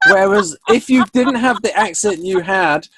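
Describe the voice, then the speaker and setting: A man's voice: sits high, lively intonation, measured pace, noisy background. A man talking thoughtfully with a guest about personality styles, agreeing and adding examples. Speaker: channel host. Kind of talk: conversational discussion.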